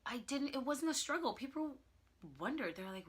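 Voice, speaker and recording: A young woman vlogging in a casual, animated way, telling her story with laughter and emphasis. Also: fairly high pitch, moderate pace, husky. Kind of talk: casual vlog monologue.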